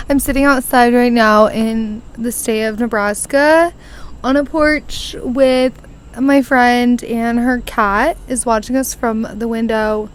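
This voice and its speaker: A woman's voice: fairly high pitch, fairly even intonation, slow pace, a little hiss or hum. A woman in her twenties hosting a podcast, chatting and telling stories with lots of giggles, recorded outdoors on a porch. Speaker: podcast host. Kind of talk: casual chat.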